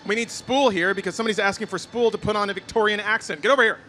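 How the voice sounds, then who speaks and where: A man co-hosting a live convention stream, bantering and joking quickly. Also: high voice, bright, forceful tone, a little hiss or hum. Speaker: co-host. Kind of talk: casual live event chat.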